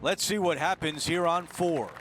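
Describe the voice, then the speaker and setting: An actor playing a male golf broadcaster in a video game, with smooth scripted commentary. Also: a little high, normal speed, a bit bright, faint music behind, natural voice.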